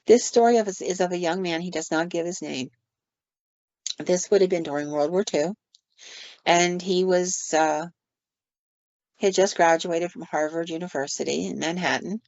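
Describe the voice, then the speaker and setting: A woman's voice: fairly low pitch, normal speed, long pauses, darkish tone, no room sound. A woman co-hosting a podcast, casually retelling ghost stories with fillers and quoted asides. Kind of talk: storytelling on a podcast. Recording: dull lo-fi dry sound.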